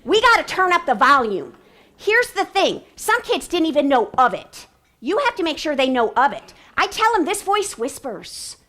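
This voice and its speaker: Brief: woman literacy trainer, bright higher voice, animated delivery, playful voices and whispered asides. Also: normal speed. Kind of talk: teacher training talk.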